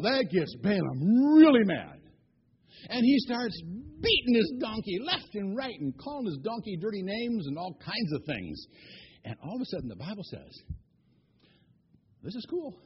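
Animated high-voiced male storyteller. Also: a little slow, muffled recording, slight background noise. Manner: animated, asks listeners questions.

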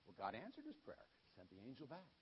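A man's voice: mid-range voice, fast talker, a little hiss or hum. A man telling a children's story sermon in a folksy, informal way. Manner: folksy, animated, informal retelling. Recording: dull lo-fi recording.

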